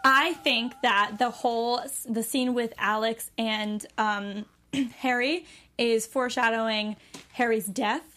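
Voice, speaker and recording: An animated woman chatting on a fan after-show panel. Her voice sits a little high, and she talks casually, often dropping into playful impressions of the characters. She sounds as if she is on a studio mic. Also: slow pace. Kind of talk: casual chat.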